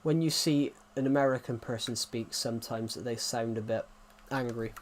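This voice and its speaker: A man's voice: mid-range voice, normal speed, a little hiss or hum. A British man streaming live, chatting casually in an opinionated, rambling way with many restarts. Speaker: livestreamer. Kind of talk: casual livestream chat.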